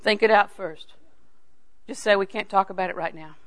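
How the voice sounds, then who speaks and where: Older lady teaching a bible lesson, folksy and lively, gets loud then drops to a hush. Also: mid-range voice, moderate pace. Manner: folksy and animated, swings from loud emphasis to hushed asides. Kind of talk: sermon.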